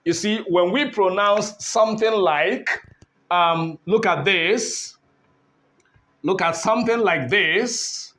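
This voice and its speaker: A man teaching an English lesson at a board, speaking deliberately, repeating key words and asking rhetorical questions. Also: sits high, fairly bright tone.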